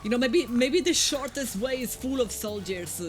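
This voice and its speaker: A woman's voice: a little high, animated, moderate pace, faint music behind. A woman with an Italian accent giving chatty live gameplay commentary, joking with her viewers. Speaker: live streamer.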